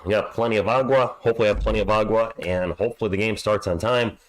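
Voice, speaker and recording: A hoarse man hosting a live sports stream, chatting upbeat and greeting viewers by name. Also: lowish voice, steady tone, fast. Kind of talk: casual live play-by-play chat.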